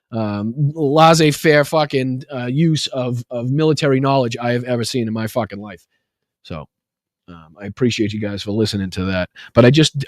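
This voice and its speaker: A man's voice: medium pitch, dry recording. Guy hosting a political livestream, rambling, talking through his screen clicks, dry close sound. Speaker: show host.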